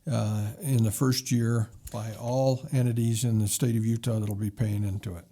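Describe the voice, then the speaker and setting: A man's voice: medium pitch, flat delivery, normal speed, warm tone. A man on a city council questioning a budget item skeptically in a meeting. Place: council chamber.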